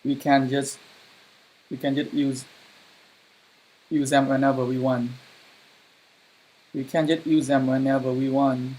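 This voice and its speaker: A man's voice: mid-range voice, little pitch movement, unhurried, long pauses, warm tone, low-quality recording. A man streaming a strategy game live, commenting as he plays, swearing often in frustrated outbursts, with non-native English grammar. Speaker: gaming streamer.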